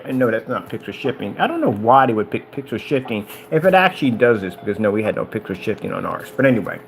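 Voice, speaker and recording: Excitable rambling man, lively pitch. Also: fast talker, gravelly, few pauses, a little hiss or hum. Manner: excitable, rambling, wanders off topic. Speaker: business owner reviewing projectors. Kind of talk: casual rambling talk.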